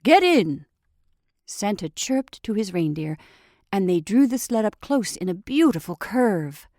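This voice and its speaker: A woman hosting a storytelling podcast, reading a classic story aloud with gentle, expressive narration. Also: mid-range voice, measured pace, dry recording, studio quality.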